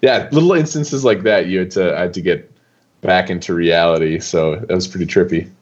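A young man talking as a guest on an interview show, loose and animated, full of casual fillers. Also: deep voice, brisk, highs cut off. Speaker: poker player guest.

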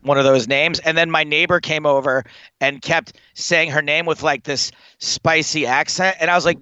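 A young man with a fairly high voice tells comic stories in a loose, rambling way, swearing freely and laughing as he goes. The recording is dry and close, with a slightly dull, muffled top end. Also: brisk, sharp tone, smooth, dry recording. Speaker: guest storyteller. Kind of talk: comic anecdote on a podcast.

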